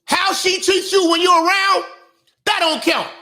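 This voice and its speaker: A man giving a profane, comedic commentary monologue in a preachy, emphatic way, now and then breaking into shouts. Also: very high voice, steady tone, unhurried. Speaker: online commentator and minister.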